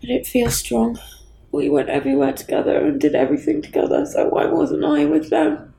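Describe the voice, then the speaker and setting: A grieving woman talking candidly as a guest, halting and raw, swearing bluntly. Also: high-pitched, creaky, dark tone, reverberant, poor audio. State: grieving, near tears. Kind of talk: candid conversation.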